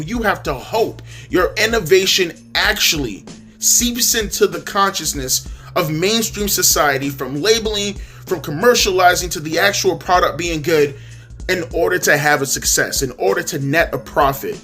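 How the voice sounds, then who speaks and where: A man's voice: fairly high pitch, normal speed, bright, forceful tone, faint music behind. A man ranting heatedly in a profane, exasperated commentary monologue, repeating words as he talks. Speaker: wrestling commentary youtuber.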